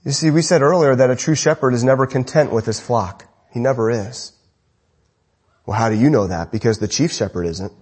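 A man preaching an evening sermon to a congregation, impassioned, swinging between raised urgent lines and low, quiet ones. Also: fairly quick, breathy edge. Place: church congregation, evening service.

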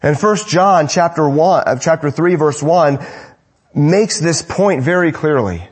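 A man preaching an evening sermon, rising to emphatic lines and dropping to hushed, low endings, repeating phrases for emphasis. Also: animated, measured pace, slightly rough.

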